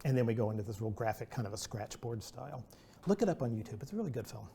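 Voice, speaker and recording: Mellow-voiced man giving a rambling talk. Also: medium pitch, animated, quick pace, gravelly, a little hiss or hum. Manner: rambling, chatty, self-deprecating with many restarts. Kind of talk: presentation talk with anecdotes.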